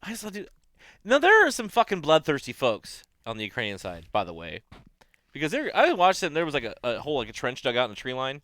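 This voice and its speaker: Brief: male co-host, bright crisp voice, dry close sound, animated swearing storyteller. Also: mid-range voice, quick pace, no echo. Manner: animated storyteller, swears often, laughs a lot. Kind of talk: casual profane chat.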